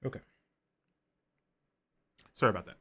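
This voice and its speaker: A male streamer casually reading game narration aloud in a calm, measured way. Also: background noise. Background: game music.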